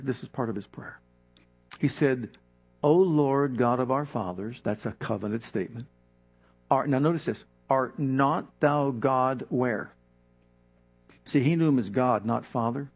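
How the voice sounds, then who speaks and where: Male pastor, husky mid-range voice, emphatic sermon delivery. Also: mid-range voice, darkish tone. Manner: emphatic preaching with dramatic pauses and acted-out prayers.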